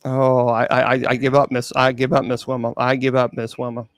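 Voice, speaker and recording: A man's voice: mid-range voice, completely flat delivery, a little fast, clear, resonant tone, dry recording, studio quality. A man hosting a casual call-in show, teasing and quizzing a caller, stammering and repeating himself. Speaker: host.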